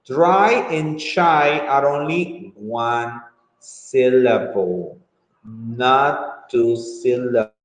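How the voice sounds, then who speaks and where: A man teaching English grammar in an online lesson, speaking slowly and drawing words out, with frequent mm-hmms. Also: mid-range voice. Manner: slow, drawn-out, with frequent mm-hmms. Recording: echoey room with long reverb.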